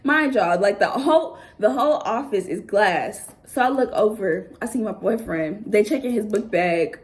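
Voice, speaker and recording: Young woman vlogger, casual storytime delivery, slangy and profane, animated, mid pitch. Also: normal speed. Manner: animated storytelling, acts out others' voices; slangy, swears often.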